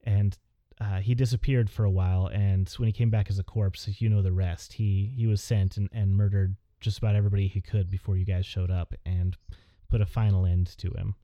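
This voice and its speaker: Low-voiced man as game master. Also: little pitch movement, brisk, few pauses, mellow, dry recording, dull audio. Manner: meandering, filler-heavy narration. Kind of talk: narrating a tabletop game.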